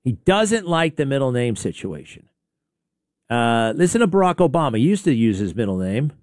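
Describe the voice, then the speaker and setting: A man's voice: medium pitch, big pitch swings, moderate pace, a little mellow, no room sound, clean studio sound. A man hosting a talk show, rambling through a sarcastic opinionated monologue with many asides and restarts. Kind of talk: opinionated monologue playing clips.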